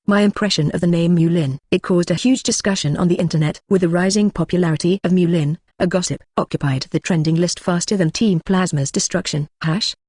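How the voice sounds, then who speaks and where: A text-to-speech voice reading a translated novel as an audiobook, flat and literal, even reading punctuation marks aloud. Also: mid-range voice, no echo, clean studio sound. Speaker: audiobook narrator. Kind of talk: machine-read audiobook narration.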